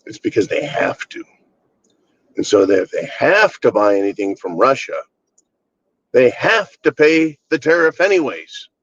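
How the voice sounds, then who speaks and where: A man's voice: mid-range voice, sing-song, measured pace, highs cut off. A man hosting his own channel, ranting bluntly and with exasperation, swearing freely. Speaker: channel host. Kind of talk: casual political rant.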